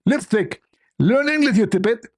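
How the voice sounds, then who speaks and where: A pompous male preacher lectures in a high, pushed voice, as a man puts him on. He talks down to people and corrects them. The sound is dry and close. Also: animated, normal speed, no room sound. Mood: lecturing. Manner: preachy, condescending, starts with "first of all".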